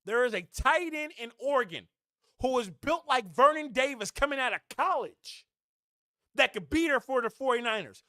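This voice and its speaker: Heated, bright-voiced male sports fan. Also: very high-pitched, lively intonation, normal speed, no echo, clean studio sound. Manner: blunt, heated, preachy. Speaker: fan podcast host. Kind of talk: opinionated sports rant.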